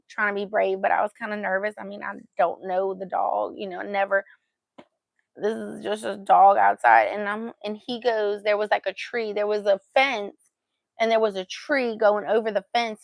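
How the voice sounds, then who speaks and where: Gravelly-voiced woman telling a story. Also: medium pitch, no room sound. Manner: chatty, acts out her own past remarks. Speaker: vlogger. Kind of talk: casual storytelling to camera.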